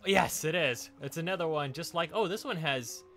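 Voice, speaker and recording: A man with a bright, slightly high voice talks casually through his gameplay. He laughs often and is easily surprised, thinking out loud as he goes. Faint game music plays softly behind him. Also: normal speed. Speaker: gaming channel host. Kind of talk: casual let's play commentary.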